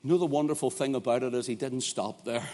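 This Northern Irish preacher talks quickly at a medium pitch, his sermon sinking to quiet storytelling before surging into loud, impassioned shouts.

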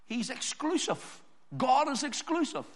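A man's voice: very high voice, big pitch swings, measured pace. A man preaching a sermon in an emphatic, repetitive cadence, building lists of phrases. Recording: long hall reverb.

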